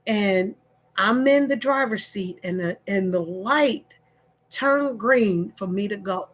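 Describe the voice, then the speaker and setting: A woman telling a story to her livestream viewers in an animated way, repeating phrases and checking in with them. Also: medium pitch, slow pace, slight background noise. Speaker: online storyteller.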